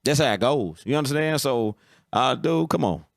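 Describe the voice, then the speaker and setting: This man's medium-pitched, creaky voice has lively intonation and a moderate pace as he hosts a casual football stream. Blunt and opinionated, he keeps asking "you understand?", with dry audio and no room echo.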